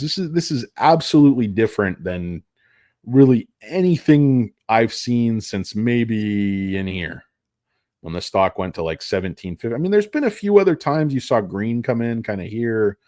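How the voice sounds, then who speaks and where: A man's voice: on the low side, darkish tone, dry recording, clean studio sound. A man giving casual, rambling stock commentary, jokey and self-deprecating. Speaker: stock market vlogger.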